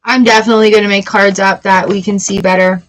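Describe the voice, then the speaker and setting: A woman's voice: medium pitch, flat delivery, fast talker, a little hiss or hum. A woman giving a casual tarot reading, chatty and playful, with the odd swear word. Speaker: tarot reader.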